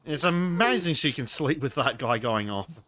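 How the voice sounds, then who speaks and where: Male co-streamer, bright-toned, wry, quick to laugh. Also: mid-range voice, animated. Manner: laughs often, wry asides. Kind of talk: casual stream chat.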